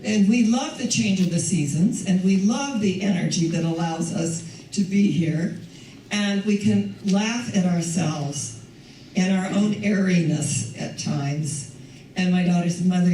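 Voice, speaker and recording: A woman's voice: on the low side, distant mic, a little hiss or hum. Older woman minister preaching in echoey hall. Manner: warm, conversational, laughs often. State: recovering from lost voice. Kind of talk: sermon.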